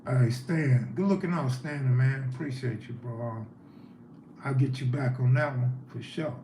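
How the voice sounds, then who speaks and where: Hosting a laid-back livestream, a man riffs conversationally and responds to his viewers' messages. His mid-range voice is dark in tone and unhurried. Faint background noise and echo come from the room.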